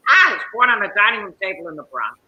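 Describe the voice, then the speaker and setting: A woman's voice: medium pitch, sing-song, quick pace, lo-fi sound, voice pushed up, natural voice. A woman imitating her elderly mother, who speaks in a lofty, affected, British-tinged way. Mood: grand. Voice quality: lofty, plummy.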